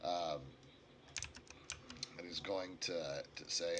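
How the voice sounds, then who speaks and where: A man's voice: fairly low pitch, animated, measured pace, bright, forceful tone. A man narrating as game master of a tabletop game, rambling and correcting himself as he goes.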